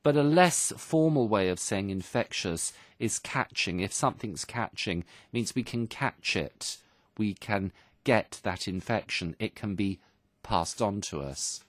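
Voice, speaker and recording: A man with a fairly low voice walks listeners through an English lesson, patient and explanatory like a teacher. The sound is dry and close, with no room around it. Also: animated, measured pace, no echo. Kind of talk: radio language lesson explanation.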